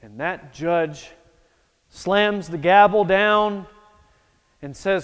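A male preacher delivering a sermon as a dramatic story, swinging from hushed to loud. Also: sits high, very slow, clear, resonant tone. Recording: echoey hall.

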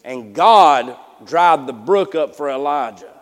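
A male pastor, preaching a sermon in a church. His delivery is folksy, with many repeated restarts, and it swings between hushed and loud passages. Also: a little high, expressive, takes it slowly. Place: church sanctuary. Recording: long hall reverb.

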